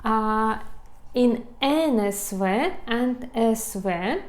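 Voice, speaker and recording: A woman's voice: fairly high pitch, unhurried, a little mellow. A woman with a Russian accent teaching a language lesson online, explaining step by step with frequent fillers and restarts.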